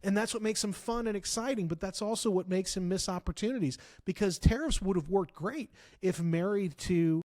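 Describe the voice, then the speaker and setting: A man talking politics as a guest in a casual conversation, telling stories with emphatic repeats and bursts of loud laughter. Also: sits high, fairly quick, hardly any pauses. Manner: animated storyteller, laughs loudly, repeats for emphasis. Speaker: author and guest.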